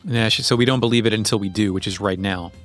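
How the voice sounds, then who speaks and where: A man's voice: lowish voice, steady tone, fast, fairly bright tone, faint music behind. A man co-hosting a podcast, trading sarcastic, profane quips in casual chat. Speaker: podcast co-host.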